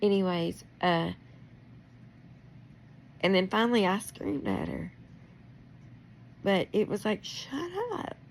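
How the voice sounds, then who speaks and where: Gravelly woman venting in a rambling monologue. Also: mid-range voice, steady tone, takes it slowly, pauses often, a little hiss or hum. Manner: emotional, rambling, laughs through anger; confrontational, addressing someone directly.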